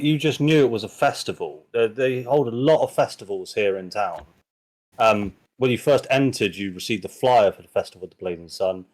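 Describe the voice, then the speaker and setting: A man's voice: mid-range voice, a little mellow. A man running a tabletop game as dungeon master, narrating in an easygoing way with fillers.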